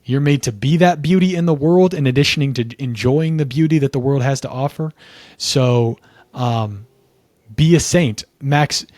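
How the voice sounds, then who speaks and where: A young man co-hosting a faith podcast, speaking in an earnest, measured way with preacherly emphasis. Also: mid-range voice, a little mellow, no room sound. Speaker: podcast co-host. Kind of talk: reflective faith podcast talk.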